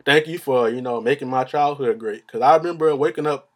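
A man's voice: medium pitch, a little fast. A young man, rambling in casual slang-heavy chat as a solo vlogger, laughing at his own stories.

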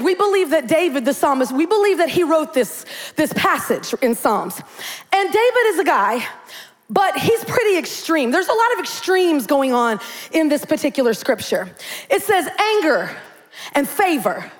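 A woman pastor preaching a sermon in an animated, comic way, acting out little quotes. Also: sits high. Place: church sanctuary. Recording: long hall reverb.

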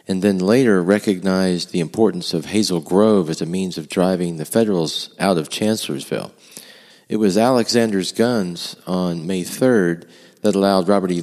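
A man giving a history lecture in a measured, reading manner, with wry asides and long passages read aloud. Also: low voice, darkish tone. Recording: long hall echo.

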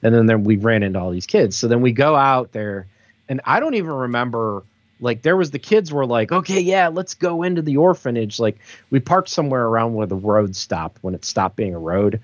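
A man in his thirties tells a long story in a loose, rambling way, packing it with fillers. His voice sits at an average pitch. The sound is dry and slightly muffled, like a modest home recording. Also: expressive, brisk, dry recording. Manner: rambling, many "like" fillers, laughs through the story. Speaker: podcast co-host. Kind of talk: casual storytelling chat.

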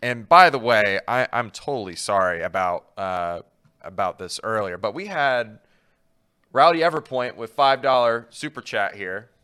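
Brief: easygoing male sports co-host, smooth and bright. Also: fairly low pitch, expressive, moderate pace. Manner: easygoing, a little hesitant. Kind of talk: casual sports talk.

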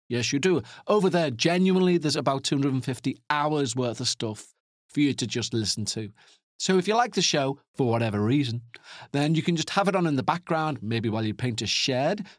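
Man, Liverpool accent, podcast host, rambling and self-mocking, slightly high pitch. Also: dry recording, studio quality. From Northern England. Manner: chatty, self-mocking, playful asides. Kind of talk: rambling casual podcast chat.

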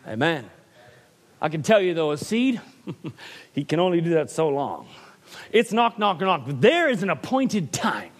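A man preaching a sermon in church, animated and often asking for an "Amen". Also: high-pitched, measured pace, long pauses.

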